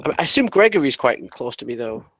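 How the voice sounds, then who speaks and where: A man's voice: medium pitch, very animated, fast, fairly bright tone, no room sound. A young man playing a tabletop game, hesitant and wry, often muttering. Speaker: player. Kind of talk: casual game chat.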